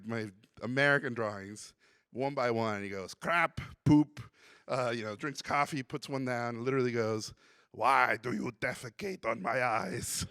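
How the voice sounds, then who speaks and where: A man from Mexico giving a conference talk, telling his story in an animated way and acting out the voices of others. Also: mid-range voice, dry recording, clean studio sound. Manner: animated storyteller who acts out quotes. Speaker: conference speaker. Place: conference hall.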